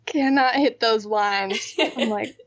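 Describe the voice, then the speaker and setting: A woman's voice: a little high, takes it slowly, dry recording. A woman co-hosting a casual podcast chat, candid and joking, with lots of slang. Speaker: podcast co-host. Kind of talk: casual chat reviewing a TV drama.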